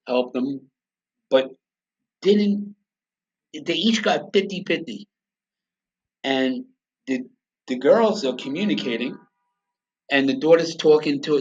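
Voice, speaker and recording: The voice is mid-range with a darkish tone, belonging to a middle-aged American man appearing as a podcast guest. His personal story comes out blunt, profane, and emotional, over a dull lo-fi recording.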